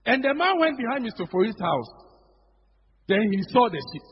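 A man's voice: extremely high pitch, a little fast, slightly rough. A man with a Ghanaian accent preaching a sermon as pastor, acting out the voices of church members. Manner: animated preaching, mimics congregants, mixes local phrases. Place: church hall. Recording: dull echoey church hall recording.

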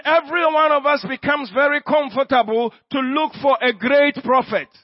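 A man preaching a sermon, slow and emphatic, repeating his phrases and breaking into shouted healing prayer. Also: very high voice, no echo, lo-fi sound.

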